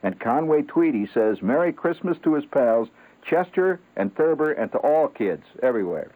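A man hosting a late-night comic radio show, rambling and halting with lots of fillers and chuckles. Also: medium pitch, animated. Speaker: radio host. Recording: tinny lo-fi radio broadcast.

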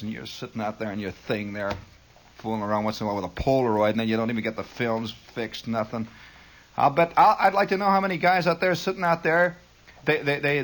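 Chuckling man in a rambling radio monologue. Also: rough recording. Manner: chuckling, animated storytelling with sudden high mock shouts.

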